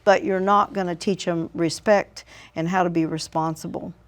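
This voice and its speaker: A middle-aged woman talks as a relationship expert in a relaxed interview. She illustrates her points with stories and voices both sides of the remembered conversations. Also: lowish voice, moderate pace. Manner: acts out both sides of dialogues when telling stories.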